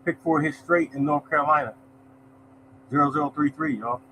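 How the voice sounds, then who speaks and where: A man's voice: on the high side, normal speed, sharp tone, slight background noise, rough recording. Chatty man, "y'all" every line. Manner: chatty, greets viewers by name, says "y'all" often. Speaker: lottery show host. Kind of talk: casual live-stream chat, reading results.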